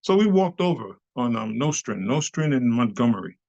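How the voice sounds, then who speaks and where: A man's voice: medium pitch, normal speed, creaky. A man, a club dancer telling stories as an interview guest, slangy and profane and acting out the people in them. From New York City. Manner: animated storyteller, slangy and profane, acts out quoted people. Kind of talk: casual storytelling interview. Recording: slightly dull lo-fi recording.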